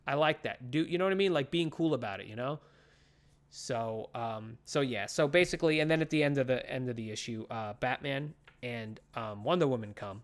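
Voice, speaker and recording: A man's voice: medium pitch, fast, a bit bright. A man co-hosting a comics podcast, casually retelling a story and acting out the characters' lines, with lots of swearing and fillers. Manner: frequent profanity and fillers. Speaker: podcast co-host. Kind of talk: casual comic book chat.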